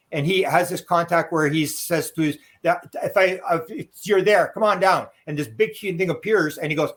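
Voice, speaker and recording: A man's voice: fairly high pitch, a bit bright. A man giving a rambling interview answer as a guest author, acting out quoted dialogue as he tells stories. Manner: rambling anecdotal telling, acts out quoted dialogue. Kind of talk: interview storytelling.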